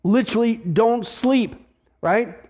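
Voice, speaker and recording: A man's voice: very high voice, slow, a little mellow. A man preaching a sermon, emphatic, often checking in with the congregation. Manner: emphatic, repeats rhetorical "right?" to the congregation. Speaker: pastor.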